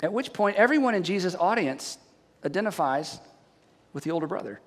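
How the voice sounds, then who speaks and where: A man with a high voice delivers a sermon, telling a story in an animated way and firing questions at his listeners. His voice carries a long hall reverb, as if in a church hall. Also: fairly quick. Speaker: pastor.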